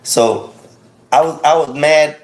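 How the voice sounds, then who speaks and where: A man with a somewhat high voice spins a long, rambling story on a casual podcast stream. He stammers and repeats himself, piling one detail on the next. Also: slow pace. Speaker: podcast host.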